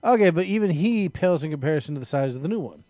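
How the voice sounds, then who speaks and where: Lively-voiced man in casual chat. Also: on the high side, very fast, no room sound.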